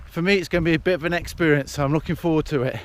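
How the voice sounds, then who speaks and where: A man's voice: fairly high pitch, fairly even intonation, racing, a little hiss or hum. A middle-aged English man, out of breath, chatting and laughing as he vlogs while walking up a hill outdoors. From England. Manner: chatty, self-mocking, laughs often. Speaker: vlogger. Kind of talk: casual outdoor vlog chat. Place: hillside outdoors. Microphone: handheld camera.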